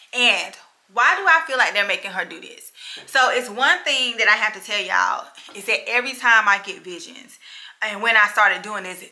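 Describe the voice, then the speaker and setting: A woman's voice: mid-range voice, bright, forceful tone. A woman medium talking casually and emphatically to her viewers, repeating her key points and checking in with them often. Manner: addresses viewers directly with frequent checks. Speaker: spiritual medium. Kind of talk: casual vlog monologue to viewers.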